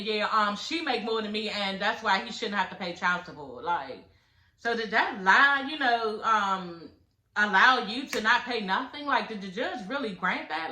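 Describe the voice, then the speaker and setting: Profane, blunt woman, bright roomy sound. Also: mid-range voice. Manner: blunt, profane, laughing asides. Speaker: reality TV recap vlogger. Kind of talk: casual profane TV recap.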